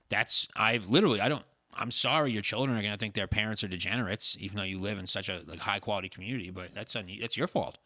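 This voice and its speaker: Young male podcast host, fast-talking, swears freely, bright edgy tone. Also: lowish voice, dry recording, clean studio sound. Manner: ranting, sweary, mimics people in voices. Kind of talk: casual chat.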